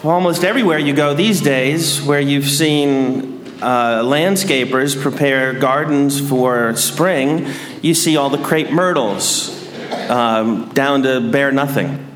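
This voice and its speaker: A man's voice: mid-range voice, fairly bright tone, a little hiss or hum. Man preaching in an echoey church. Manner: measured, dry humor. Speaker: priest. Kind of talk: sermon. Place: large church.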